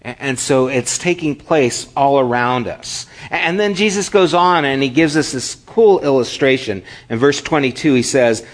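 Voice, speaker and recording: A man's voice: medium pitch, animated, normal speed, hardly any pauses. A middle-aged male pastor preaching a sermon, telling stories animatedly and acting out the dialogue. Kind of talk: sermon with storytelling.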